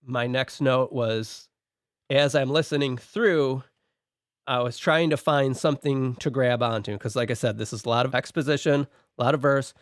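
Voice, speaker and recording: A man's voice: mid-range voice, moderate pace, no room sound, clean studio sound. A man co-hosting a podcast, walking through his production notes on a song point by point in a casual, methodical way.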